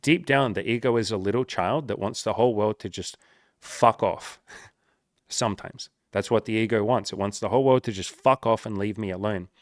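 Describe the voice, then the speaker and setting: Male life coach, lowish voice, dry close sound, frank and swearing. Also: moderate pace, no echo. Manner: earnest, swears often, acts out quoted voices. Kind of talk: casual talking-to-camera advice.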